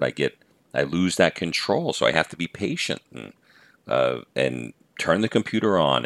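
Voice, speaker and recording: A man's voice: rumbling low, fairly bright tone, no room sound. A middle-aged man hosting a podcast, giving an earnest talk on patience in numbered points. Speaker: podcast host and teacher-coach.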